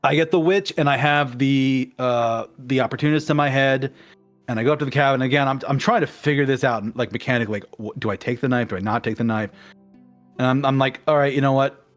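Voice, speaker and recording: A man's voice: medium pitch, fairly quick, faint music behind. A man talking casually with a friend, retelling his playthrough at length. He drops into the characters' voices for quotes, then slips back into plain narration. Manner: animated storyteller acting out quotes. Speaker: guest in a game discussion. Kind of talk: casual conversation.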